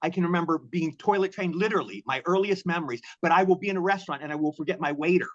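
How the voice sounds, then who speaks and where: Fast-talking man in his sixties, lo-fi. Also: a little high. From Maryland, USA. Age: 60s. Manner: animated anecdotal storytelling, repeats himself. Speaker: guest. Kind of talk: storytelling interview.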